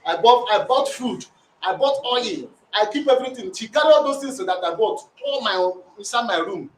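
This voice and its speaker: Man, Nigerian accent, very high voice, animated rambling storytelling, distant mic, echoey room. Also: normal speed. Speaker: complainant. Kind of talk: recounting a domestic dispute. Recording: roomy sound from a distant mic.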